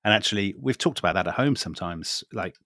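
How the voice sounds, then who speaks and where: Man, middle-aged, podcast co-host, low voice, dry close sound, measured and wry. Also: lively intonation, sharp tone, no echo. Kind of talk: casual chat.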